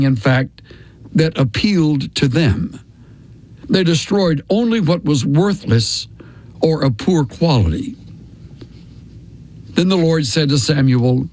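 A man reading a long scripture passage aloud in a measured, deliberate way. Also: mid-range voice, a little mellow, low-quality recording. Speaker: scripture reader.

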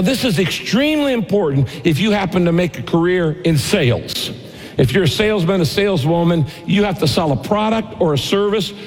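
A middle-aged man preaching a sermon, emphatic, repeating key phrases and slowing down to read scripture. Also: fairly high pitch, darkish tone. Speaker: pastor. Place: church auditorium. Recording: long reverb of a large hall.

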